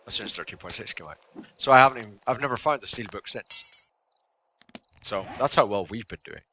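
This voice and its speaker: Animated, jokey man streaming a game. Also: lowish voice, brisk, a little hiss or hum. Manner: rambling, jokey, swings between mutters and loud exclamations. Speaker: gaming livestreamer. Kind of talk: casual let's-play commentary.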